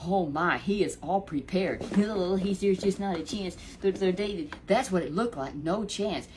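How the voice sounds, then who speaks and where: A woman storyteller telling a Bible story in an animated, chatty way with lots of repetition. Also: on the low side, normal speed, noisy background.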